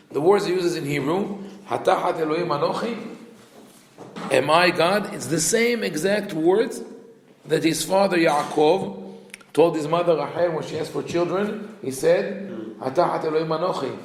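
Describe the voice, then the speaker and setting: A man with a fairly high-pitched voice teaches a relaxed class, rambling a little and dropping in "you know" as he goes. He acts out the lines he quotes in a storytelling tone. His voice echoes around a large hall, with a long reverb and a faint hiss behind it. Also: unhurried. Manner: conversational and digressive, peppered with "you know". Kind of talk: casual Torah class lecture.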